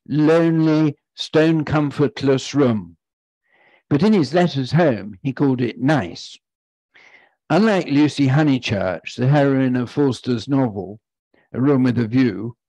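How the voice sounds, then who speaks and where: Male lecturer, measured prepared reading, mid-pitched voice, dry recording. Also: a little mellow, no room sound, low-quality recording. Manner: measured, deliberate reading with quoted passages.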